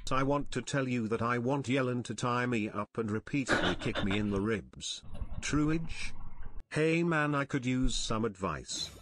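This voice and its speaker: A man delivering deadpan joke questions in a clip played on stream. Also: medium pitch, a little slow, slight background noise.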